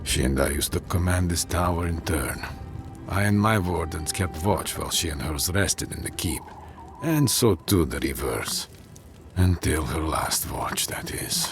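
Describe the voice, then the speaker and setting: A man voicing a gruff, weary male dwarf tower commander in a video game, speaking grimly and bluntly. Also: deep voice, animated, measured pace, music in the background, full character voice. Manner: grim, blunt, gravelly.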